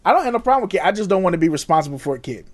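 A middle-aged man co-hosting a casual chat, telling stories in a profane, animated way with frequent laughs. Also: high-pitched, rapid-fire. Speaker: podcast co-host.

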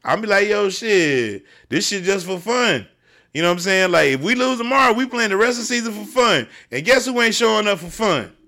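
A man who hosts a podcast and coaches youth football, telling stories in casual chat, animated and profane. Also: sits high, quick pace, few pauses.

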